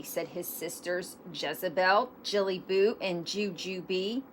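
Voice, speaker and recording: A woman reading a children's picture book aloud, animated, with self-deprecating asides. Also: lowish voice, takes it slowly, few pauses, slight background noise. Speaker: storybook reader.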